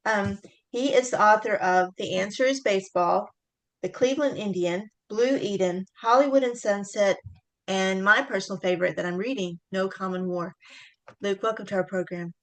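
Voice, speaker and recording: Female host, mid-pitched, courteous and welcoming, reading intros and asking questions. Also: moderate pace. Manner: polite, welcoming. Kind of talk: interview hosting.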